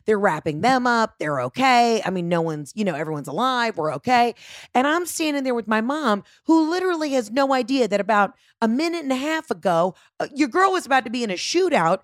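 Brief: a frantic, profane woman guest telling a wild story, medium-pitched, dry sound. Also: no room sound. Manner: profane, frantic, self-mocking. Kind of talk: animated storytelling in casual chat.

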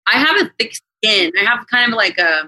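A woman in her forties chatting candidly as a podcast guest, laughing often and sounding relaxed. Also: mid-range voice, normal speed, no room sound, rough recording. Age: 40s. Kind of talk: casual interview chat.

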